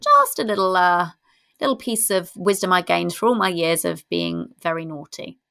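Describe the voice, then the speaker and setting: A woman in her thirties giving frank, casual relationship advice, animated and swearing freely. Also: on the low side, moderate pace, creaky.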